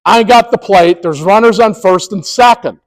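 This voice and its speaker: A man training sports officials, telling a story in an animated way and acting out the scenes. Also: high voice, normal speed, low-quality recording. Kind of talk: storytelling presentation.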